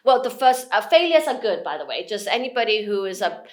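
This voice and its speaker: Middle-aged woman guest, animated and emphatic telling of a personal story. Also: mid-range voice, fast talker, roomy sound. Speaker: interview guest, motivational speaker.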